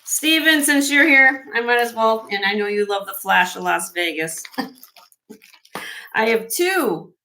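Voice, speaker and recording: A woman's voice: on the high side, expressive, slow pace, pushed and bright, a little hiss or hum, poor audio. Chatty Midwestern woman gushing over jewelry. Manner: chatty and effusive, gushing over each piece. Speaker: host selling vintage jewelry on a live stream. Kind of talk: live-stream sales chat.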